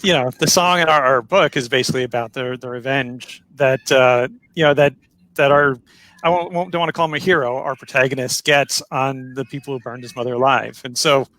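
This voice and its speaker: A man hosting a livestream over a video call. He is friendly and joking, and talks in quick bursts. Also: mid-range voice, steady tone, fairly bright tone, rough recording. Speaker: host. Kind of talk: livestream talk show hosting.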